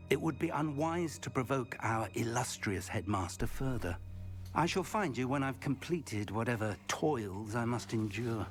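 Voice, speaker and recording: Older guy voicing a polite tired game professor, measured, lively pitch, soft music behind. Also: natural voice. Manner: measured, courteous, resigned. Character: kindly, weary older male professor.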